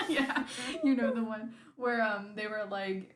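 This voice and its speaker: A woman's voice: fairly high pitch, slow, fairly bright tone, roomy sound. A woman co-hosting a casual fan podcast, chatting and laughing often. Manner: giggly, frequent laughter. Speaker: podcast co-host.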